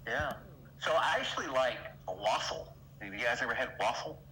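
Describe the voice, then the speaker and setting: A man's voice: medium pitch, fairly quick, heavy background noise. A man with a Southern US accent from Alabama, chatting casually on a stream and telling folksy, rambling stories. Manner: folksy, rambling, lively storyteller. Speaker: stream regular. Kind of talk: casual voice chat.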